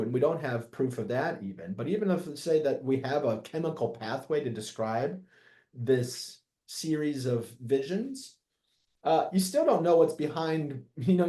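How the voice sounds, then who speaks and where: A man, a physician guest, speaks in a mellow, relaxed voice, thinking aloud and reworking his sentences as he goes. The room around him is roomy and echoey. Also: mid-range voice. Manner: thoughtful, searching, self-correcting. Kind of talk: reflective interview conversation.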